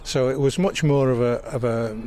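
Older man, mild lancashire accent, halting reminiscence, outdoors, faint street noise. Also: mid-range voice, fairly even intonation, warm tone. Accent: mild Southwest Lancashire. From England. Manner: halting, repeats words while recalling. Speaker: interviewee. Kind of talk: reminiscing in casual conversation. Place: outdoors by a church in a town.

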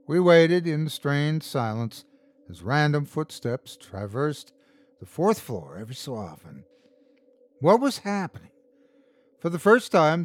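A man's voice: on the high side, dry recording. Man narrating a horror story. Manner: tense, dramatic reading with acted shouts. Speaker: host and narrator.

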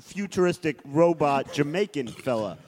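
Incredulous fast-riffing man. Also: a little high, animated, darkish tone. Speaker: podcast co-host. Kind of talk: casual comedic chat.

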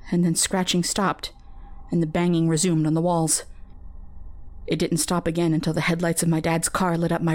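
A woman telling a first-person horror story in a measured, intimate storytelling manner. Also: on the low side, a little mellow. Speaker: narrator. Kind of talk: scripted horror story narration.

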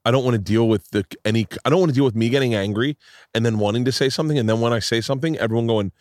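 A man's voice: medium pitch, racing, no echo, studio quality. A man hosting a podcast outdoors, rambling and oversharing in casual chat, swearing freely. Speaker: podcast host.

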